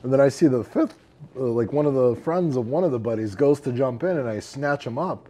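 A man's voice: medium pitch, a little fast. A man co-hosting a casual podcast, telling a rowdy story with lots of swearing and laughter. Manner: animated, profane, laughing while telling a story. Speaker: podcast co-host.

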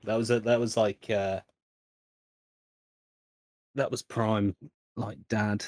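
A man's voice: lowish voice, little pitch movement, slow pace, a little mellow, no echo, studio quality. A man co-hosting a podcast in casual banter, rambling with fillers, laughing and swearing freely. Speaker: podcast co-host.

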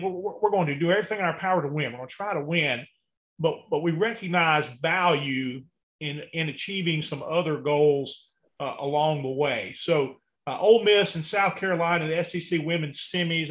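A man's voice: fairly high pitch, fairly bright tone. Easygoing man hosting a podcast. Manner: easygoing, hesitant with many fillers. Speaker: podcast host. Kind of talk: casual podcast chat.

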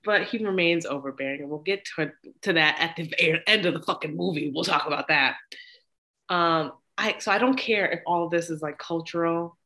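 A woman's voice: lowish voice, brisk, rough recording. A young woman co-hosting a podcast, recapping a movie in casual, blunt and profane chat. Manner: blunt, profane, animated storytelling. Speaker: podcast co-host.

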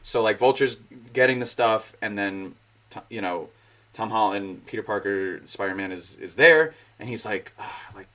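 Podcast host, twenties, male, bright tone, eager movie chatter. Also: fairly low pitch. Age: 20s. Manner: excitable, quick bursts of loud laughter. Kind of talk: casual movie discussion.

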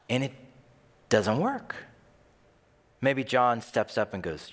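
Animated male preacher in a reverberant hall. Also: medium pitch, slow, pauses often. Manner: animated storytelling, acting out quoted voices. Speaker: pastor. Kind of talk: sermon.

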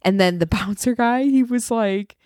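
Young woman podcast co-host, casual and animated, cursing freely, close dry sound. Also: fairly high pitch, normal speed, no room sound. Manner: animated, swears often, acts out quotes. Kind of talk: casual chat.

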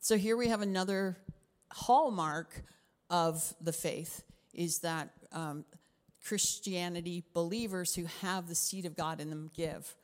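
Middle-aged Canadian woman pastor, lower voice, expressive sermon delivery with dips into whispers, echoing hall. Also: unhurried. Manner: expressive, drops to whispers for emphasis.

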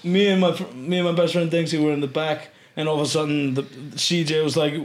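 Guest spot: Icelandic man, slightly high voice, animated storyteller who swears freely and voices the people he quotes. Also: quick pace, few pauses. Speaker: podcast guest. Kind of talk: casual storytelling chat.

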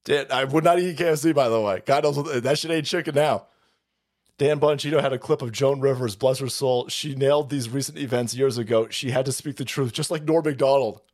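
A man's voice: medium pitch, a little fast, a little mellow. A man hosting a livestream, ranting crudely and mockingly about the news and reading chat messages aloud. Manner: crude, mocking, puts on voices for quotes. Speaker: livestream host. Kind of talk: profane political rant stream.

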